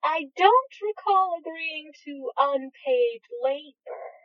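A woman's voice: high-pitched, expressive, slow, voice pushed up. Crowley, a woman reading a drawling, sardonic demon man. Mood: teasing. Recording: dull, dry, lo-fi.

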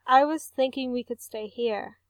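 A woman's voice: sits high, a little slow, no echo. Woman voicing a caring young father, earnest, concerned, audiobook, dry close sound. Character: caring young man, protective single dad. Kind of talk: audiobook reading.

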